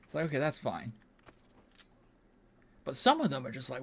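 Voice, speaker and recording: A man's voice: medium pitch, big pitch swings, normal speed, fairly bright tone. A young man streaming a game, chatting casually in a rambling, profane, incredulous way into a desk mic. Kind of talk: casual gaming stream chat.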